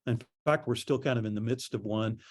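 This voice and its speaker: A man's voice: medium pitch, fairly quick. Conversational man presenting on PR. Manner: conversational storytelling, animated quoting. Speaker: public relations presenter. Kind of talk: conference presentation.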